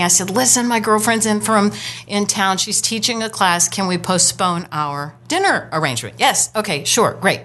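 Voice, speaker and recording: A woman chatting as guest co-host, telling a personal story with lively, acted-out quotes and spiritual talk. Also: mid-range voice. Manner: animated storyteller, acts out quoted voices. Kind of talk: casual spiritual chat.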